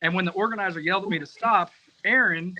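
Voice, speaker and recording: Excitable high-voiced man telling a story. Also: fast, highs cut off. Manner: animated, profane, rambling storyteller. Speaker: competition barbecue cook, podcast guest. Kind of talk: casual storytelling.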